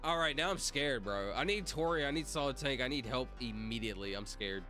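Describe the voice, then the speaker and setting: A man's voice: medium pitch, lively intonation, a little fast, bright, forceful tone, soft background music. A young man chatting casually on a livestream, reading out comments and reacting in slang. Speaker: streamer.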